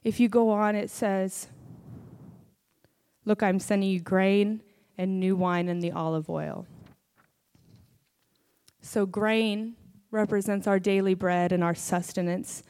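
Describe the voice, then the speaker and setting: A woman's voice: mid-range voice, fairly even intonation, slow pace, long pauses, darkish tone, clear, resonant tone. A woman preaching a sermon and testifying about her own faith, earnest and building to fervent prayer.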